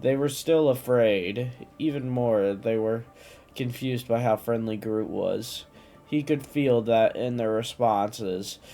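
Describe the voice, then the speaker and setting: A man's voice: medium pitch, slow, warm tone, soft background music. A man casually reading a fantasy story aloud, often stumbling and restarting words. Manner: stumbles and restarts, occasional coughs. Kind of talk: casual reading of fan lore.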